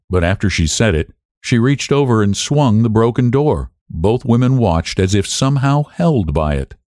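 A man reads a short story aloud in a measured, expressive way. His voice is low and moves through a lively pitch range. The sound is dry and close, with no room echo. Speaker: narrator. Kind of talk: audiobook narration.

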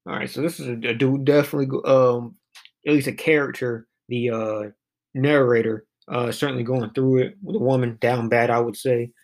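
A man's voice: mid-range voice, steady tone, normal speed, creaky. Rambling man chatting about poems. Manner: rambling, many fillers and restarts. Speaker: poetry reading vlogger. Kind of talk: casual commentary on poems.

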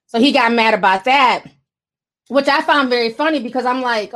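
A woman's voice: fairly high pitch, moderate pace, fairly bright tone. A woman giving casual gossip commentary, blunt, sarcastic and profane. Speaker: commentary vlogger.

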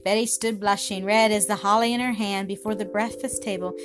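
A woman's voice: medium pitch, fairly even intonation, brisk. Woman reading a story over music. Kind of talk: scripted narration. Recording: music playing behind the voice.

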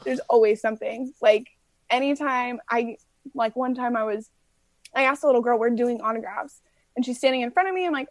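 A young woman, a softball player, chatting as an interview guest, telling stories with quick laughs and acted-out quotes. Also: fairly high pitch, no echo. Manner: animated storyteller, acts out quotes, laughs often. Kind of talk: casual interview chat.

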